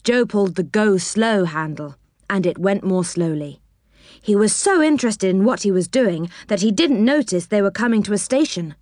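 A woman reading a children's storybook aloud with plenty of rise and fall in her voice. Her pitch sits in the middle range. The sound is close and dry with no room echo. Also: lively intonation, normal speed, darkish tone.

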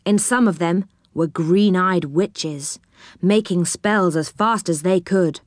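A woman reading a children's storybook aloud in a gentle, measured way. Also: lowish voice, no room sound, studio quality. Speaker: narrator.

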